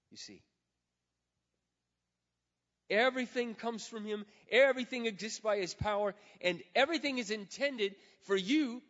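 High-voiced preacher man in an echoing hall. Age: 50s. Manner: dramatic, swings from loud to hushed, acts out quoted prayers. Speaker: pastor. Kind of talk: sermon. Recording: dull sound with long hall reverb.

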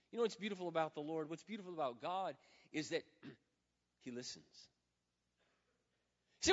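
A man in his fifties delivers a sermon in a high voice, swinging dramatically between loud declarations and hushed asides. He acts out quoted prayers as he preaches. The sound is muffled and carries a long reverb from a church hall. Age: 50s. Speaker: pastor.

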